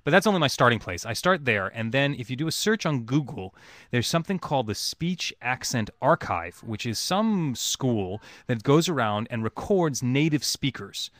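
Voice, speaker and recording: A man who is a voice actor answers fan calls in casual chat, thoughtful and relaxed, with many ums and uhs, over a webcam video chat. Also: mid-range voice, moderate pace, dry recording.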